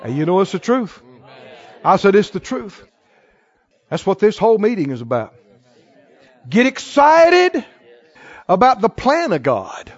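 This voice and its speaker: A man preaching a sermon, telling stories with big swings from quiet asides to near-shouts. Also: high-pitched, sing-song, moderate pace, long pauses, highs cut off.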